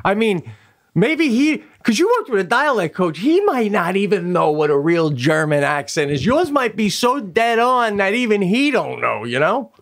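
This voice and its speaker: Teasing man with a slightly high voice. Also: sing-song, moderate pace, fairly bright tone. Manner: joking, teasing, says "guy" a lot. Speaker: podcast co-host. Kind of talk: casual banter.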